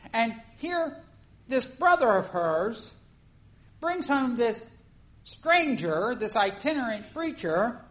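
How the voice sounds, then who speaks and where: A woman preacher giving a conversational sermon, telling a story in an animated way and acting out the scenes. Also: a little high, low-quality recording.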